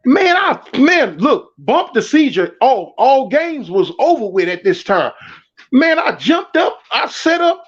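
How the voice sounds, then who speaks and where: A man's voice: very animated, a little slow, slightly rough. A man telling a story in casual street slang, acting out the other people's voices as he goes. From Southern California. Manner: street slang, acts out voices of others with big pitch jumps. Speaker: storyteller guest. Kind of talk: animated storytelling. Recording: dull lo-fi sound.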